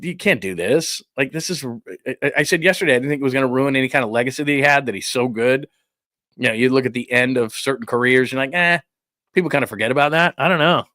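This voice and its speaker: A man hosting a sports talk show, ranting in a rambling, incredulous way and acting out quick quotes. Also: mid-range voice, sharp tone, no echo, clean studio sound. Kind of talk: live-stream sports talk, reading supers.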